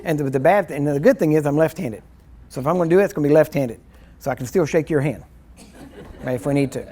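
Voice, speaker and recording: A man's voice: on the high side, fast talker, dark tone. Rambling, chuckling male minister teaching. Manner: rambling and conversational, acts out little scenes with chuckles. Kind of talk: informal teaching sermon.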